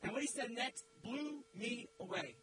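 A man preaching in church, telling a dramatic story and building to loud, emphatic peaks. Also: very high voice, expressive, normal speed, background noise. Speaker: guest preacher. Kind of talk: sermon with storytelling.

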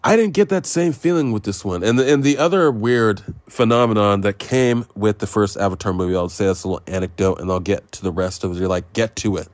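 A man's voice: on the low side, a little fast, hardly any pauses, no echo. A man hosting a podcast, reviewing a film in a rambling, sarcastic monologue full of swearing, digressions and self-mocking jokes. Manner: self-mocking, with jokey made-up phrases.

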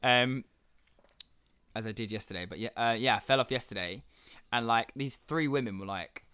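Bright, clear-voiced young man. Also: medium pitch, normal speed, no echo. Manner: animated storytelling, swears freely, acts out quotes. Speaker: podcast co-host. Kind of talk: casual chat, storytelling.

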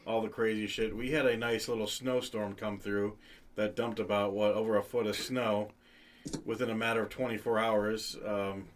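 A man's voice: fairly low pitch, little pitch movement, moderate pace. A man hosting a casual podcast chat, laughing often and prompting the others. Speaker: podcast host.

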